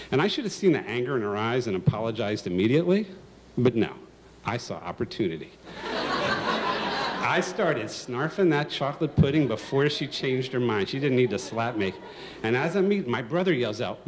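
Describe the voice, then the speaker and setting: A man's voice: mid-range voice, big pitch swings, normal speed. A man in his sixties telling a comic, self-mocking story live on stage.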